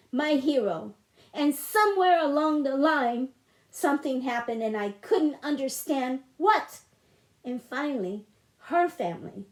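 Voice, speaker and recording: Middle-aged woman, emotional personal story, slightly high voice, echoey room. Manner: emotional, repetitive retelling with restarts.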